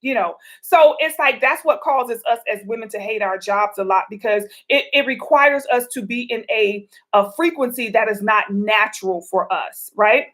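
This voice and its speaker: High-pitched lady chatting casually to her viewers, lots of asides, giving dating advice. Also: normal speed, few pauses, fairly bright tone. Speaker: vlog host answering viewer questions. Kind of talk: casual relationship advice talk.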